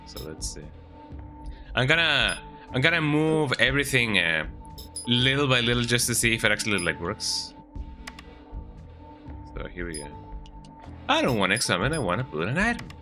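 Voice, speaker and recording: A man's voice: medium pitch, sing-song, normal speed, pauses often, pushed and bright, soft background music. A man streaming a video game, chatting casually from home and tagging his sentences with "eh?". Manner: rambling, chatty, tags sentences with "eh?". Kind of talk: casual gameplay commentary. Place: home, at a computer.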